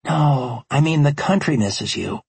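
Male narrator as a chatty young female train conductor, audiobook, raised pitch, very husky edge. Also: lively intonation, unhurried, a little mellow, dry recording, heavily acted. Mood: friendly. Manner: chatty, eager. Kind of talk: audiobook character voice.

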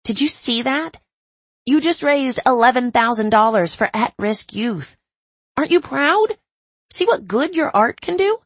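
A woman voicing an excited, gushing female friend and agent who talks with bubbly, pushy enthusiasm. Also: a little high, slow pace, pauses often, slightly rough, no echo, pitched above the performer's own voice, heavily acted.

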